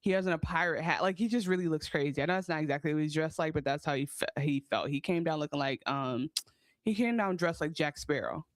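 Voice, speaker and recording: A woman's voice: deep voice, fast, dry recording. A woman co-hosting a podcast, chatting casually about a TV episode, rambling and acting out the characters' lines. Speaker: podcast co-host. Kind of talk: casual TV recap chat.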